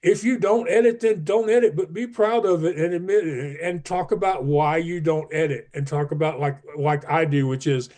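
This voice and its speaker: A man's voice: on the high side, fairly even intonation, moderate pace, hardly any pauses, darkish tone. A man speaking as a podcast guest, earnest and emphatic, pushing up his voice on key advice. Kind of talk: casual interview talk.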